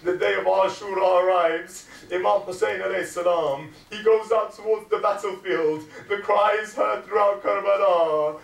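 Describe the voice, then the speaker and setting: Impassioned high-voiced male preacher, echoey hall. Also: fairly even intonation, moderate pace, gravelly, few pauses, recorded from a distance. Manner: emotional, dramatic storytelling. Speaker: preacher at a mourning gathering. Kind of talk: impassioned sermon narration.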